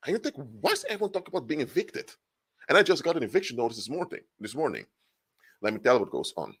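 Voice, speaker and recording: A man giving an animated solo monologue, explaining through hypothetical examples, often restarting and correcting himself mid-sentence. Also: fairly low pitch. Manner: frequent restarts and self-corrections. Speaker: spiritual commentator.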